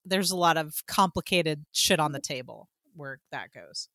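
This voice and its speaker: A woman's voice: low-pitched, animated, moderate pace, fairly bright tone, no echo, clean studio sound. A woman co-hosting a podcast, talking casually and animatedly about a film and swearing freely. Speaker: podcast co-host. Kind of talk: casual film-review chat.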